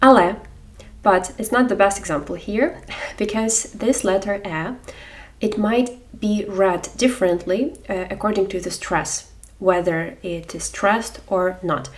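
Ukrainian-accented woman, patient teacher, slow and a bit off-mic. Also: medium pitch, distant mic. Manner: slow, repeats words clearly for learners. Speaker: language teacher. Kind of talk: beginner language lesson.

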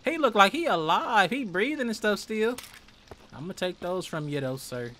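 High-voiced man trash-talking through a game. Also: very animated, normal speed, slight background noise. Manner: loud, joking trash talk at game enemies. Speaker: gaming streamer. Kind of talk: let's play commentary.

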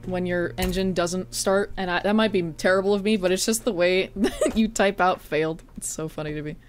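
A woman streaming a game live, chatting casually with viewers, greeting them by name and teasing them with frequent laughs. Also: mid-range voice. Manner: playful teasing. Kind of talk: casual live-stream chat while gaming.

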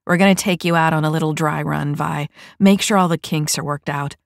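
A woman's voice: sits low, steady tone, a little fast, creaky, no room sound, clean studio sound. A woman voicing a tough, cocky female mech squad leader who talks in brash, crude banter.

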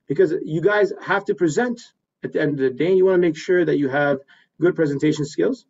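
Energetic man coaching presentation skills. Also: on the high side, vocal fry. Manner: energetic, repetitive, keeps checking in with "right?". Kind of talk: workshop teaching. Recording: distant, slightly dull recording.

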